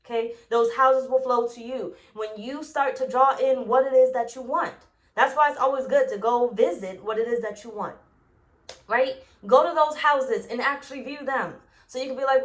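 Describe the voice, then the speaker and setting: A woman's voice: high voice, steady tone, fairly quick. A woman giving a tarot reading, blunt and profane, who drives her points home by repeating them. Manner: acts out quoted voices. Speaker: tarot reader.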